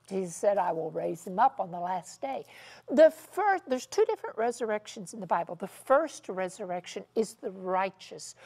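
A woman's voice: a little high, a little mellow. A woman teaching in a televised Bible study discussion, with emphatic, dramatic preaching delivery. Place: television studio set.

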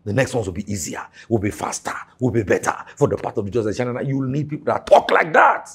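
A pastor preaching a sermon, dropping to low murmurs and then rising to shouted exhortation. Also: male voice, lively intonation, quick pace, slightly rough.

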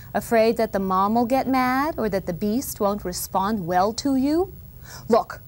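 Woman host, comic monologue, sarcastic, animated, slightly high voice. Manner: sarcastic, playful, speaks for children to parents; quips with asides and short laughs. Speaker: TV show host. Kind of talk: comic monologue spoken to the camera.

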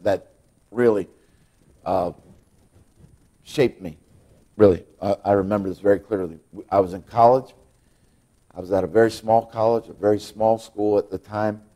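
A man preaching a sermon in a church, folksy and repetitive, often restarting his words and rising high and loud when he makes a point. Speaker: pastor. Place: church auditorium.

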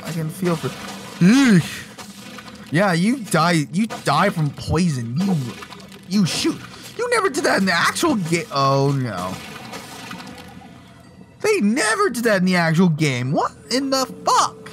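A young man giving casual gameplay commentary, excitable and profane, laughing and exclaiming often. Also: high-pitched, a little slow. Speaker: gaming channel host. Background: game music.

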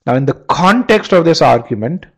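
A man with a fairly high voice runs a live online test-prep class. He talks through an argument step by step, fires questions at the students, and stumbles into repeated words when he restarts a phrase. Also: expressive, normal speed, slightly rough, rough recording. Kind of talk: live webinar teaching.

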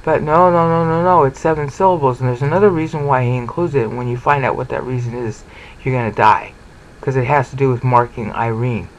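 A man teaching a lecture on scripture, animated, often repeating words and checking in with rhetorical questions. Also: mid-range voice, a little fast, poor audio. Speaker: Bible teacher.

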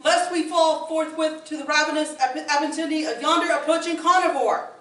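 A woman's voice: fairly quick, fairly bright tone. A woman doing a squealing panicky little pig. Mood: panicked. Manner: high squealing pleading. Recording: echoey hall recorded from far off.

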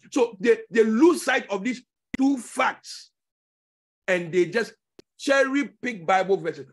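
A man teaching a sermon as a pastor, emphatic and repetitive, with loud bursts and low asides and frequent rhetorical questions. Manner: asks rhetorical questions and checks in with the listeners.

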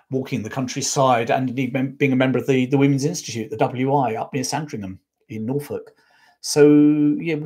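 Husky guy doing a live history stream, chatty and keen, lots of tangents. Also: medium pitch, a little mellow. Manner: chatty and enthusiastic, many asides and restarts. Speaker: history channel host. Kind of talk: live-stream chat, answering viewer questions.

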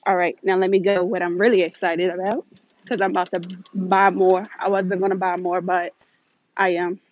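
Hurried woman streaming live from a store. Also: lowish voice, level tone, dry recording. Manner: chatty, hurried, addresses viewers directly. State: slightly out of breath. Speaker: deal-hunting vlog host. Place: inside a large retail store. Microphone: handheld phone. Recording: dull phone audio.

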